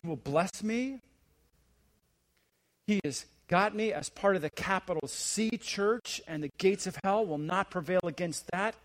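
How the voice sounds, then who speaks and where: High-voiced preacher swinging loud to hushed. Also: male voice, a little slow. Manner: swings between rising, emphatic preaching and hushed, low asides. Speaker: visiting senior pastor. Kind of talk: sermon.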